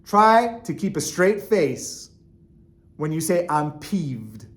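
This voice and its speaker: A man talking earnestly to his viewers in a casual motivational vlog, animated and full of restarts and fillers. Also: high-pitched, takes it slowly. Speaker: vlogger. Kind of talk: casual motivational talk to camera.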